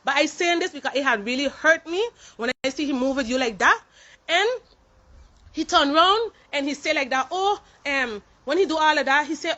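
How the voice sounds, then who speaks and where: Woman, indignant protest to camera, rapid speech, bright forceful tone, mixes in French. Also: sits high, lo-fi sound. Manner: indignant, emphatic, mixing French into her English. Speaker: warehouse employee.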